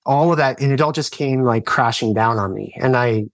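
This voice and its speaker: A man in his thirties recounting a turning point in his life as a podcast guest. He talks earnestly and rambles, stopping and restarting his sentences with lots of fillers. His voice sits at an ordinary pitch and is recorded close and dry, with no room echo. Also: normal speed. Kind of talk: personal storytelling in casual chat.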